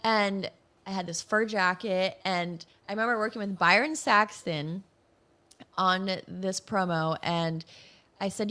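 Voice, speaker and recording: A woman from Massachusetts, a professional wrestler, telling stories as a guest in a casual interview. She is animated and chatty and laughs often. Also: mid-range voice, moderate pace.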